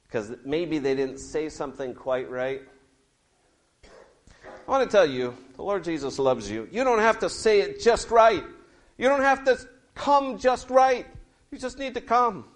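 Middle-aged male preacher, high-pitched, expressive storyteller for a children's sermon. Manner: lively, expressive storytelling with big swings in pitch and loudness.

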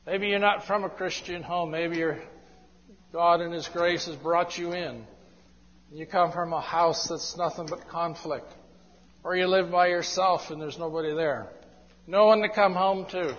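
A man preaching an evangelistic sermon in a church hall, with slow, emphatic, drawn-out phrasing. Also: sits high, steady tone, fairly bright tone. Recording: dull echoey hall recording.

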